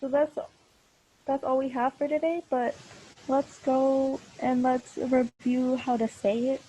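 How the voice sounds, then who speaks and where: A young woman teaching a live online class, speaking very slowly and patiently through a computer mic. Her voice is mellow and a little husky, a bit higher than most, and she keeps stopping to restart her sentences. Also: level tone, rough recording. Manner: slow, patient explaining with frequent fillers and restarts. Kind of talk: online class lesson over video call. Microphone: computer mic on a video call.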